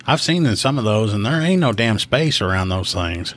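A man, a podcast co-host, telling a police story with animated quoted voices. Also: fairly low pitch, normal speed. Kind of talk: casual storytelling.

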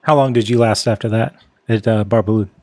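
A man's voice: on the low side, fairly even intonation, fairly quick, darkish tone, a little hiss or hum. A man hosting a casual interview, asking short follow-up questions. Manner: brief reactions and follow-up questions. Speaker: podcast host.

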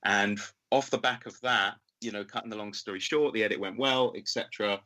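Chatty London man, bright-toned. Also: fairly low pitch, steady tone, a little fast, low-quality recording. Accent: London English. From England. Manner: chatty, rambling, full of fillers and acted-out quotes. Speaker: film director. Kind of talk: casual interview storytelling.

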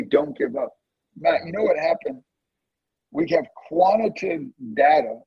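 A man tells an emotional prayer story with real feeling, his voice rough and strongly gravelly. It swings up and down with lively energy. The recording is dry and a little dull, like a lo-fi podcast. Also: no echo. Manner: earnest, emotional testimony with animated swings in pitch. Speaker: guest, prayer ministry leader. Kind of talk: storytelling in a conversation.

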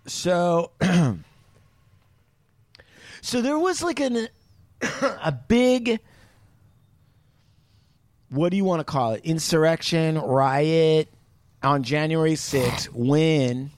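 A man hosting a casual podcast talks in a loose, rambling way and swears freely, with lots of "like" and "you know". His voice sits a bit high for a man. It is recorded close and dry, with no room sound. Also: very slow, pauses often, dry recording. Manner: rambling, profane explainer full of "like". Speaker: podcast host. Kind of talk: casual chat.

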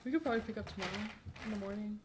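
A woman's voice: mid-range voice, rapid-fire, background noise. A young woman in casual chat, teasing and swearing freely while doing a puzzle.

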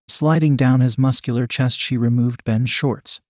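A man reads an erotic story aloud in a plain, steady voice at a mid pitch. The recording is close and dry, with no room sound around him. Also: normal speed, few pauses, dry recording. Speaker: narrator.

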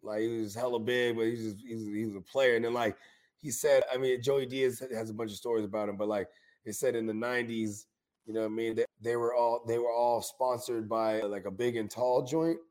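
A man in easygoing podcast talk, speaking at a middle pitch. He rambles through his stories in loose slang, restarting phrases and checking in with his listener. Nothing about his voice stands out beyond that casual flow. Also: fairly even intonation, a little fast, a little mellow. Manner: rambling, slangy, keeps saying 'you know what I mean'. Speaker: podcast co-host. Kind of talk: casual chat.

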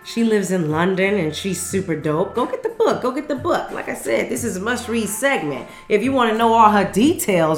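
A woman casually reviewing a book and reading from it aloud, enthusiastic and full of slang and swearing. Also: sits low.

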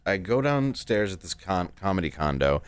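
A man's voice: deep voice, sing-song, normal speed, clean tone, dry recording, studio quality. A man in his thirties, a stand-up comedian, telling candid, rambling stories in a casual interview.

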